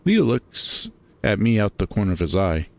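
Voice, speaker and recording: A man reading a visual novel aloud in unhurried, expressive first-person narration. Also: on the low side, creaky.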